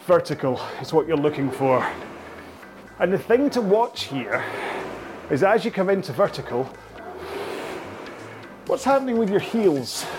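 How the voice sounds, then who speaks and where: A Scottish man coaching rowing technique, patient and explaining while he demonstrates on a rowing machine. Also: on the high side. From Scotland. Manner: patient, explaining, checks in with "okay?". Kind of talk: instructional workout video. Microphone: on a rowing machine, talking while demonstrating.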